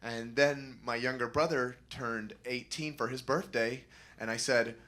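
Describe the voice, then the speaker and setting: A young man doing stand-up storytelling, animated and jumping into high squeaky voices for the people he quotes. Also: unhurried. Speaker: stand-up comedian.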